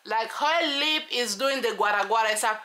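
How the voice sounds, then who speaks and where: Woman host, reality-show reviewer; bright, higher voice, sassy and animated. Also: normal speed. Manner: animated, sassy, talks straight to viewers. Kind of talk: casual reality-show commentary.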